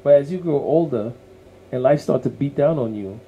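A man's voice: medium pitch, moderate pace, dark tone, slight background noise, low-quality recording. A man co-hosting a casual podcast conversation, speaking in an earnest, motivational way and repeating words as he works toward his point. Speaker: co-host.

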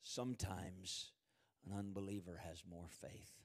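A man preaching a sermon, reading scripture aloud and swinging from shouted quotes to hushed, quiet asides. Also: deep voice, fairly even intonation, unhurried.

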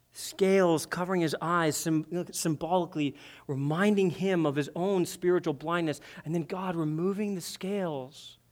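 A man with a high voice preaches a sermon in an earnest, conversational way. He often restarts his words as he explains a passage to his congregation. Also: darkish tone. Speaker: pastor.

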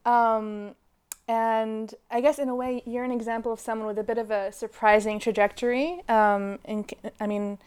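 A woman's voice: on the high side, level tone, normal speed, darkish tone, smooth. A woman hosting an interview, asking questions in a hesitant way with many fillers and restarts. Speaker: podcast host, interviewer.

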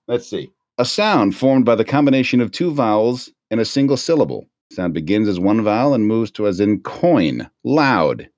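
A man's voice: on the low side, no room sound, clean studio sound. A man co-hosting a podcast, laughing often and trading crude jokes in casual banter. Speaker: podcast co-host.

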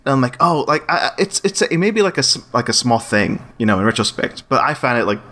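Bright, lively man chatting on a podcast. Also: medium pitch, fast talker. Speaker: podcast co-host. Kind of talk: casual chat.

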